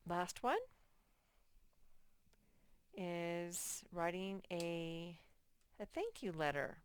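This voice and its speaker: Woman, first-grade teacher, slow patient delivery, smooth clear voice, dry close recording. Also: lowish voice, no echo. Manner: slow, patient, repeats key points, reads examples aloud very slowly. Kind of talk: recorded workbook lesson for children.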